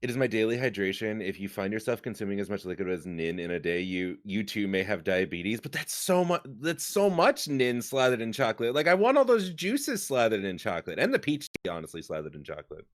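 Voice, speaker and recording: A man's voice: fairly low pitch, big pitch swings, fairly quick, hardly any pauses. Goofy young guy on a live stream, voice swinging all over. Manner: goofy, repeats silly catchphrases. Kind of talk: casual live-stream chat.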